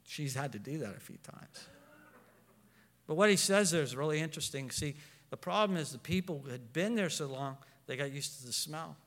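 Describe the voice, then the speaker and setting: Animated high-voiced male pastor. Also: normal speed. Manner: animated, storytelling, frequent restarts. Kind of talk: sermon. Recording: long hall reverb.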